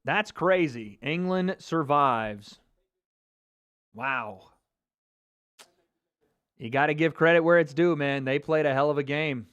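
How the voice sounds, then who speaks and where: An American man giving an excitable live reaction to a football match as a YouTube host, swearing and breaking into shouts. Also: fairly high pitch, slow pace, long pauses, smooth, muffled recording. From United States.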